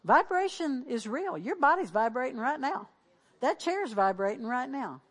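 Preaching in a high, sing-song voice at a moderate pace, this middle-aged woman pastor urges her congregation on. Her sermon leans on call-and-response and declarations said again and again.

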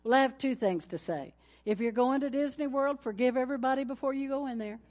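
A woman's voice: sits high, fast talker, darkish tone. A woman pastor, preaching a folksy sermon with announcements and laughter, ending in a fervent prayer.

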